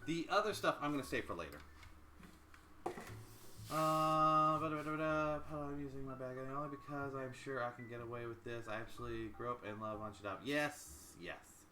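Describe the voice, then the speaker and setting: A man's voice: medium pitch, normal speed, music in the background. A man chatting casually with his viewers while he cooks on a live stream, rambling as he measures ingredients. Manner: rambling, chatty, talks to chat while cooking.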